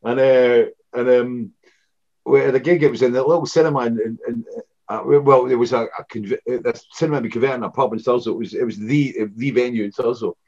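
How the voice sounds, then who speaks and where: Brief: Scottish man, 60s, interview guest, mid-pitched, loose chatty storyteller, dull lo-fi sound. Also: brisk. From Scotland. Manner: rambling, many restarts and "you know"s, animated anecdotes. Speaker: guest, former rock frontman. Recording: dull lo-fi recording.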